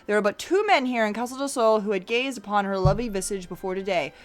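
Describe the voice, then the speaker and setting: A woman reading game dialogue aloud as a pompous, theatrical gentleman detective who declaims every line. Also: medium pitch, lively intonation, quick pace, lightly acted. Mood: smug.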